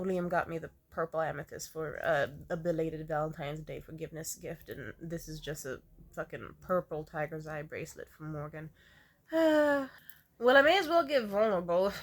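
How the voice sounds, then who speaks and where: A young woman vlogging at home in a candid confessional way, swearing a lot and laughing often, swinging from loud outbursts to quiet mumbles, a little tearful. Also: mid-range voice.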